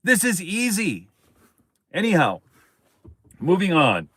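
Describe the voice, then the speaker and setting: A man's voice: high-pitched, huge pitch swings, takes it slowly, bright, forceful tone, husky, dry recording. A man hosting a live-stream political commentary show, talking emphatically to viewers, repeating his points and calling them folks.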